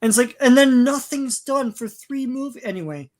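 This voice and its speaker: A man's voice: very high-pitched, lively intonation, normal speed. Rambling man hosting a podcast. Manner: critical, rambling, frequent restarts. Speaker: podcast host. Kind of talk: casual chat.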